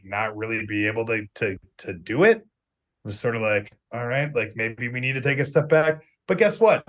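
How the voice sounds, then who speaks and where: A man's voice: mid-range voice, a bit bright. A middle-aged man co-hosting a casual sports podcast, talking in a chatty, jokey way with plenty of fillers. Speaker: podcast co-host, sports reporter.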